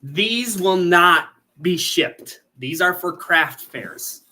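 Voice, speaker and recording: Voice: medium pitch, lively intonation, very slow, pushed and bright. A photographer hosting a casual livestream, chatting and reading out viewer comments.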